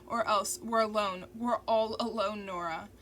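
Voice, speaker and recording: A woman reading an audiobook gives voice to a fragile young woman broken by grief, speaking quietly and pleading. The voice stays close to the reader's own mid-range tone. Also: mid-range voice, steady tone, a little slow, slight background noise, lightly acted. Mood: despairing. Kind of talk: audiobook character voice.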